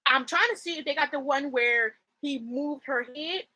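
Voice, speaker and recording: Bright, excitable high-voiced young woman. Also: moderate pace, low-quality recording. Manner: excitable, rambling, gushing with fillers. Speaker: streamer chatting with viewers. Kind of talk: casual fan chat.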